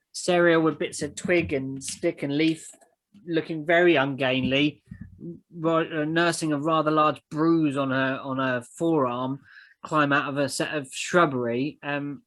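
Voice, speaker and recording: A man narrating as game master of a tabletop game, pausing often with ums as he describes the scene. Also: fairly high pitch, fairly bright tone, rough recording. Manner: hesitant, many ums while describing. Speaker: dungeon master.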